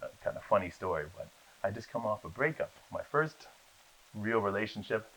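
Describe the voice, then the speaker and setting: A man telling lively stories about his acting career in a casual interview, acting out the people in them. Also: on the low side, a little fast. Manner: animated storyteller, acts out voices in his anecdotes. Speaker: guest, actor. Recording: dull lo-fi sound.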